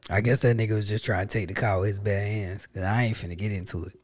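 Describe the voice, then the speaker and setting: A man's voice: on the low side, fairly even intonation, quick pace, no echo, clean studio sound. A man joking in casual group chat, acting out little bits.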